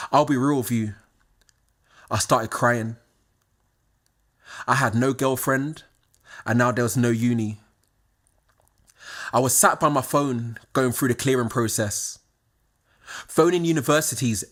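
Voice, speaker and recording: A man, telling a scripted personal story, moving from quiet confiding tones to excited exclamations. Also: mid-range voice.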